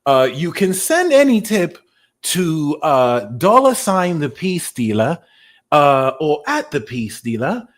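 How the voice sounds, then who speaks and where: A man's voice: fairly high pitch, very animated, slow pace. A man voicing a cheeky, vain British tarot reader with a put-on British accent, playful and teasing during a live tarot reading. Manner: playful, teasing, mock-indignant.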